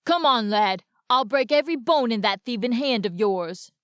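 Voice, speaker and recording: A woman's voice: on the high side, moderate pace, fairly bright tone, no echo, studio quality, lightly acted. A woman reading aloud, voicing a huge, menacing male lumberjack who growls and roars. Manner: growling, roaring. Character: hulking male northern lumberjack bully.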